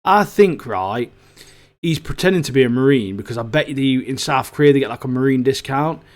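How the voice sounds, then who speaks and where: A man's voice: medium pitch, animated, fairly quick. A man co-hosting a podcast, chatting casually in a jokey, slangy way. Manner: chatty, jokey, slangy, says mate a lot. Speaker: podcast co-host. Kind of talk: casual chat.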